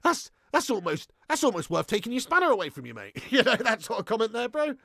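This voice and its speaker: A young man hosting a live football watch-along, chatting with viewers in a laddish, sweary way and breaking into shouts at big moments. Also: very high voice, huge pitch swings, quick pace, gravelly, no echo, clean studio sound. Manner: laddish banter, swears freely, reads chat aloud, bursts into shouts. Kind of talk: live stream chat and commentary.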